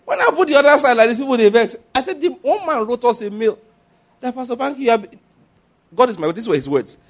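Animated high-voiced pastor. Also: male voice, fast. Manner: animated, laughing, mimics others in high voices. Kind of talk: sermon.

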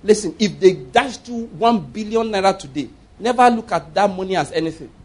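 A Nigerian-accented man preaching with a high, husky voice that swings widely in pitch. He mixes playful storytelling with firm, preacherly declarations. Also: animated, fairly quick, darkish tone. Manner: humorous, storytelling, laughs often. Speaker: pastor. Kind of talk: sermon.

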